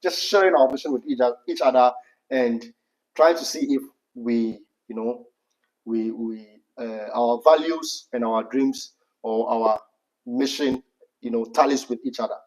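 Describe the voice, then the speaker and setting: A man's voice: medium pitch, unhurried, a little mellow, rough recording. A Ghanaian man with a Ghanaian English accent, co-hosting a casual livestream chat, laughing often and slipping into Pidgin. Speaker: livestream co-host.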